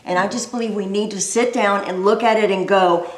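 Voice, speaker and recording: A middle-aged woman co-preaching a sermon from a church stage, telling stories in an animated way and often laughing. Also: mid-range voice, a little fast. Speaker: pastor's wife, co-speaker. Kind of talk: lively sermon storytelling. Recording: echoey church hall.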